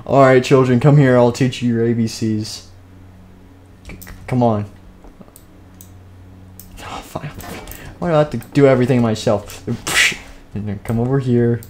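A man's voice: medium pitch, steady tone, a little slow, long pauses, noisy background. Playful man narrating a game stream. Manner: playful, jumps between narration and silly character voices. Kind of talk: live-stream play narration with voiced characters.

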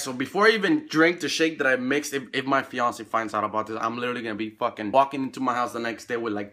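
A man's voice: mid-range voice, sharp tone. A young man doing a crude, joking challenge vlog while recording in a small closet. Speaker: YouTuber.

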